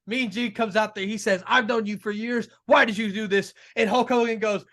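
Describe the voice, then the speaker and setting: A man co-hosting a casual wrestling talk show, excitable and gushing, quick to laugh. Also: high voice. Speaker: co-host.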